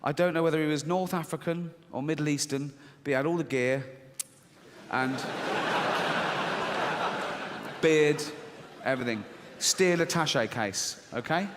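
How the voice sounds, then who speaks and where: On a large theatre stage, a middle-aged comedian tells a story in a slightly high voice, taking it slowly with long pauses. He animatedly swings between both sides of an inner argument, caught by a stage mic in a reverberant hall with a faint audience and a little hiss or hum.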